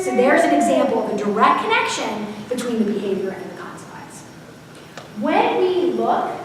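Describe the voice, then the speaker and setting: A woman giving a parenting seminar, telling stories in a chatty way and asking the audience questions. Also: high voice. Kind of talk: conversational seminar talk. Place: large echoey hall. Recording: echoey hall recorded from far off, faint hiss.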